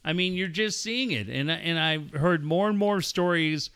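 A man co-hosting a casual talk show, brash and profane, pitching a sponsor with emphatic delivery. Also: animated, unhurried, vocal fry, a bit bright, smooth. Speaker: co-host. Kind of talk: casual radio banter with a read ad.

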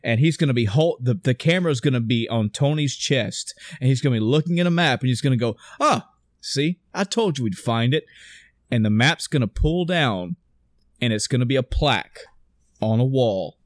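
A man in his thirties, excitably talking in a casual chat, swearing freely and acting out scenes. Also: medium pitch, brisk, no echo.

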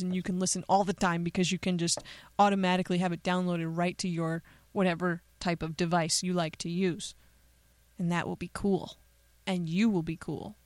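A woman hosts a radio show in a casual, playful way, full of jokes and chatty asides. Her voice is smooth and clear. She is close to a studio microphone in a dry room. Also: fairly low pitch, no echo.

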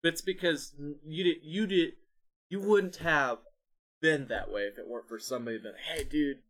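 A young man co-hosts a podcast, chatting casually in a fairly high voice at a normal speed. He's an animated storyteller who performs the voices of the people in his anecdotes.

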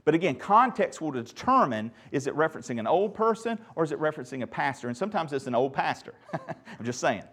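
A man's voice: on the high side, animated, fast talker, a bit bright, husky. A middle-aged man, preaching a sermon as pastor and joking with the congregation in call and response. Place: church sanctuary.

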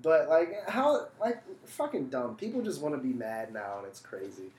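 A male stand-up comedian in casual podcast chat, animated and profane when he gets going. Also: a little high, moderate pace. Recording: roomy echo.

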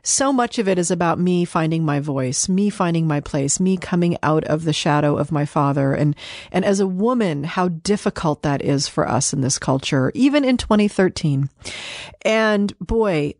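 Low-voiced woman telling a story. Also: expressive, moderate pace, darkish tone, no room sound, studio quality. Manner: chatty, rambling, self-mocking, with frequent fillers and laughs. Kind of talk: casual storytelling monologue.

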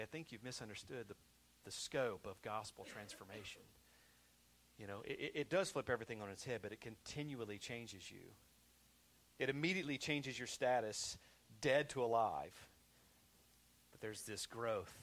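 A male pastor preaching a sermon in a conversational way, repeating himself often and swinging between loud emphasis and hushed, quiet stretches. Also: medium pitch.

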